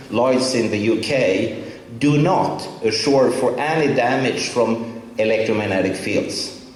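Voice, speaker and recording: A man from Sweden with a Swedish accent, giving a conference lecture in English, emphatic and wry with halting fillers. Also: mid-range voice, darkish tone. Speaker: professor giving a conference talk. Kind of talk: public lecture. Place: large lecture hall. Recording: very echoey hall with long reverb, faint hiss.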